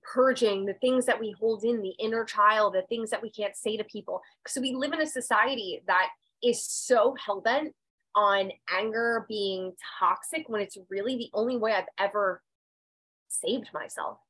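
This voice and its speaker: A woman's voice: mid-range voice, moderate pace, fairly bright tone, poor audio. Woman, podcast guest, candid personal story, blunt, swears, emotional swings in voice. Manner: emphatic and blunt, swears freely; raw and emotional, voice dropping and rising. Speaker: podcast guest, medium and intuitive.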